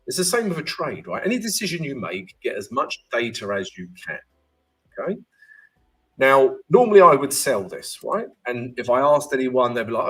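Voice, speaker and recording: Live-stream host, man, husky voice with lots of pitch movement, casual teacher who greets chat by name. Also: sing-song, normal speed, fairly bright tone. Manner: chatty, keeps asking "right?" and greeting viewers by name. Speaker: trading educator hosting a live stream.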